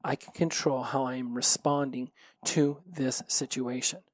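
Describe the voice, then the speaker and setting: A man talks alone into his podcast mic, frank and reflective, with swearing dropped in naturally. His voice sits at an ordinary middle pitch. The sound is dry and close. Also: steady tone, a little slow, dry recording. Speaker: podcast host. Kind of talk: candid solo podcast monologue.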